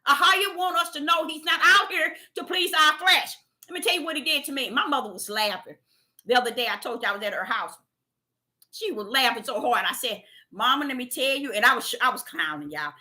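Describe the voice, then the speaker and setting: A woman's voice: high voice, fairly quick, bright, forceful tone. A woman preaching a spontaneous sermon, fervent and exhorting. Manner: fervent, exhorting, retells visions in dialogue.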